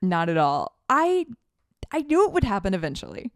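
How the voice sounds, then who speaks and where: A woman's voice: mid-range voice, wildly swooping pitch, moderate pace, dry recording, studio quality. A woman co-hosting a podcast, chatting casually and enthusiastically about basketball as a fan. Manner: enthusiastic, gushing fan talk. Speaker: podcast co-host. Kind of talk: casual sports chat.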